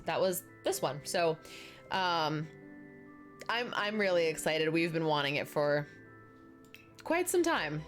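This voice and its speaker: A young adult woman streaming a life-sim game, chatting casually and talking straight to her viewers. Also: fairly low pitch. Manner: chatty, talks straight to the chat and answers viewers by name.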